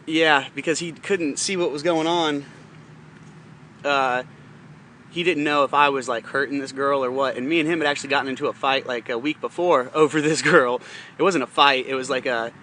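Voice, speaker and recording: A man's voice: mid-range voice, fairly even intonation, normal speed, bright, forceful tone, a little hiss or hum. A young man telling a long personal story in a rambling, profane, casual way, often laughing mid-sentence. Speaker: podcast host.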